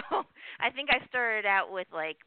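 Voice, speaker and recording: A woman's voice: mid-range voice, animated, a little slow, smooth, no echo. Giggly, friendly woman guest on the phone. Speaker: singer and guest. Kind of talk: casual interview chat. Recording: tinny phone line.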